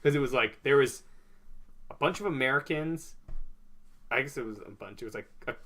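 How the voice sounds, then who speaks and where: A young man in his twenties co-hosting a loose podcast among friends. He talks at an ordinary middle pitch and tells stories in a rambling, animated way, full of "like" and "um". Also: brisk. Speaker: podcast co-host. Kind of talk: casual chat.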